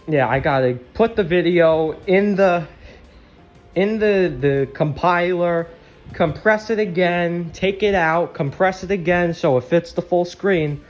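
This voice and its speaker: A man's voice: a little high, a little mellow, lo-fi sound. A young man talking casually and candidly to his viewers, rambling a little and swearing freely. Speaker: YouTuber. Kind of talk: casual chat.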